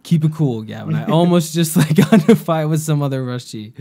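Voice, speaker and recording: A man's voice: on the high side, lively intonation, brisk, mellow. A young man and podcast host telling a story in casual chat, rambling and profane, with lots of "like".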